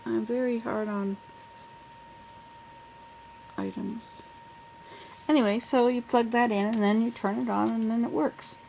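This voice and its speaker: Her voice slightly high, steady, gravelly and mellow, this older vlogger talks unhurriedly with frequent pauses in a casual update from her southern US home. She rambles amiably and keeps correcting herself, while the low-quality recording from a plug-in computer microphone carries a little hiss or hum.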